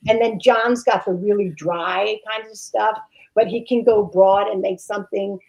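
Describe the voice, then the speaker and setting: A woman's voice: mid-range voice, steady tone, moderate pace, creaky, poor audio. A woman actress chatting as a guest in an interview, rambling with many fillers and restarts. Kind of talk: casual interview chat.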